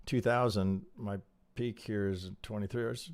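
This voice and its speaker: Gravelly-voiced man teaching chart reading. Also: lowish voice, normal speed. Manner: animated, rhetorical, many restarts and "right?". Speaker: trading educator reviewing charts. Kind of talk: live-stream chart analysis.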